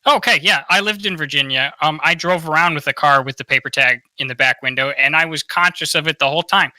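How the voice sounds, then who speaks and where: Male podcast co-host, bright tense tone, blunt opinions, dry mic. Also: fairly high pitch, fast talker, no room sound, low-quality recording. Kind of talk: casual commentary over video clips.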